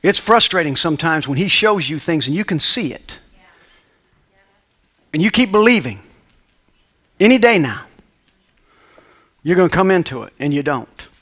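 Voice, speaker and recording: A man's voice: on the high side, very animated, normal speed, pauses often, fairly bright tone. A male pastor preaching a sermon to a congregation, reading scripture aloud and calling for responses. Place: church sanctuary with congregation.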